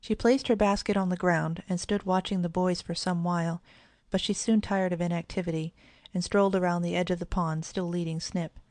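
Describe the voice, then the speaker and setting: A woman narrating a children's audiobook in an even, clear storytelling manner, close to the mic. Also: on the low side, brisk, no room sound.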